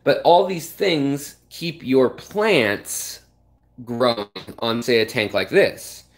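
A man of middling pitch hosts a casual aquarium tutorial. He rambles, restarts sentences and fills gaps with "um", pointing at the tank beside him indoors as he explains. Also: big pitch swings, slow. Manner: loose and rambling, with frequent fillers and restarts; shows and points at parts of the tank while explaining. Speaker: aquarium channel host.

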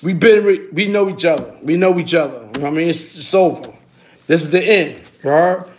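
Telling animated, casual stories on his YouTube stream, a man in his 50s repeatedly adds "you heard?" His pitch is fairly high, his pace a little fast, and there's a faint hiss or hum in the recording.

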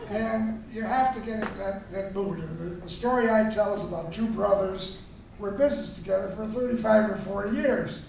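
An older man telling jokes to a live audience in an unhurried, chatty way with hesitations. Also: high-pitched, lively intonation, vocal fry, a little mellow. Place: hall before a live audience. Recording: echoey room from far off, faint noise.

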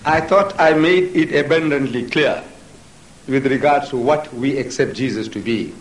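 A man answering audience questions in a public debate, talking forcefully and piling up rhetorical questions. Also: mid-range voice, normal speed. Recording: echoey hall, mic far off.

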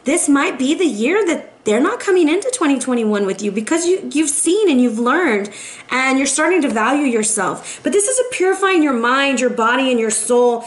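A woman giving a casual tarot reading in a chatty, emphatic way, often asking "right?". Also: high-pitched. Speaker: tarot reader. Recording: roomy echo with faint noise.

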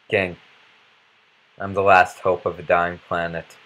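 A man's voice: low-pitched, flat delivery, measured pace, long pauses, a bit bright. A man giving goofy, rambling commentary while playing a video game, breaking into random outbursts. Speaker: let's play commentator.

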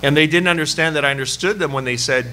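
At a church service, a Canadian male pastor tells a story from the pulpit in sermon style, full of lively, self-deprecating humor. His slightly high voice is bright and forceful, he laughs often, and he talks quickly over faint background music.

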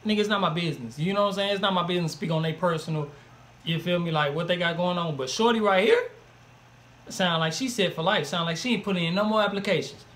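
A man's voice: high-pitched, fast, a bit bright. A man co-hosting a gossip commentary, reacting in casual slang. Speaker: co-host.

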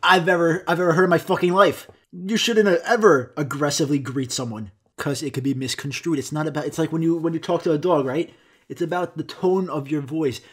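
A man's voice: a little high, brisk, slightly rough. A man hosting a podcast, telling a comic story in a rambling, profane way and acting out the quotes. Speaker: podcast host.

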